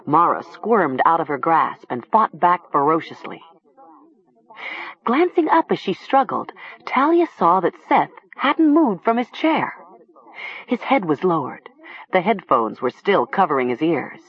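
A narrator reads a horror story aloud with unhurried, expressive pacing and a lively, wide-ranging pitch. The tone is husky, and the recording sounds dry and a little dull. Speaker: audiobook narrator.

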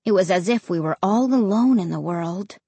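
Woman audiobook narrator, husky tone, lively expressive pitch. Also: normal speed, dry recording. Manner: expressive storytelling. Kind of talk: first-person audiobook narration.

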